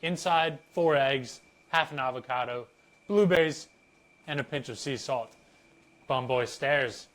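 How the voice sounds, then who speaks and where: A man's voice: mid-range voice, a little slow, fairly bright tone. A man, a fitness content creator, reading a story aloud with playful, chatty asides. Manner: playful, chatty, laughing at his own reading.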